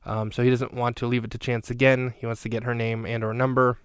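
Male podcast host, casual film recap, chatty and rambling, flat delivery, clean dry recording. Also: medium pitch, fast, clear, resonant tone, no echo.

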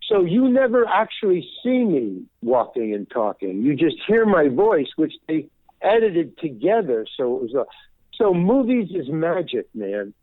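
A man's voice: on the high side, big pitch swings, a little slow, no room sound. An older man, a guest actor, chatting casually in an interview and rambling with many restarts. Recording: tinny phone line.

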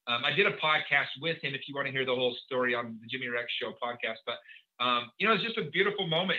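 A man appearing as a podcast guest races through a personal story, acting out bits of dialogue. His sharp, forceful voice is full of "um"s and "uh"s, and the recording sounds dull and lo-fi.

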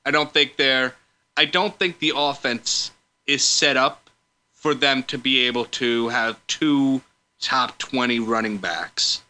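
A man's voice: medium pitch, takes it slowly, pushed and bright. A man co-hosting a casual fantasy football podcast, talking in a hesitant, agreeable way. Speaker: podcast co-host.

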